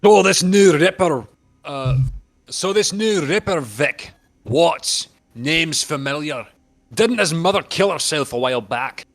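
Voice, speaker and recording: A man voicing a gruff, pushy troll detective in a put-on Scottish brogue for a video game playthrough. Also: medium pitch, little pitch movement, measured pace, a little mellow, close to an everyday voice. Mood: prying. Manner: mock Scottish brogue, blustering.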